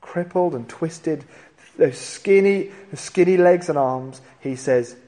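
Slowly and in a slightly high voice, a man preaches, bringing the story to life by impersonating the people in it. The recording carries a long hall reverb.

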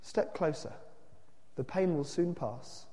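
A preacher putting on a gentle male stranger in a storybook tale, quiet, slow and reassuring, low and soft-spoken. The voice rings with a long reverb from a large hall. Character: calm gentle male stranger bringing light.

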